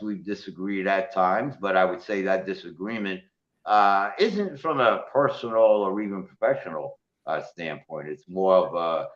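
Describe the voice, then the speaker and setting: Sarcastic New man, lively pitch, echoey room. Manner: needling, sarcastic questioning. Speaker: co-host. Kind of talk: casual political chat show. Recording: echoey, slightly dull studio sound.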